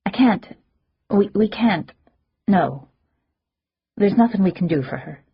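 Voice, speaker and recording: A grieving fae noblewoman, read by a woman in an audiobook, speaks in a strained, pleading voice. Her voice sits higher than the narrator's and has a husky edge. The audio is slightly muffled. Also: lively intonation, measured pace, heavily acted. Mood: alarmed.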